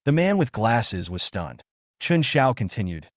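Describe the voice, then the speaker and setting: A man narrating a comic story as a steady, scripted read. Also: mid-range voice, measured pace, dry recording, clean studio sound.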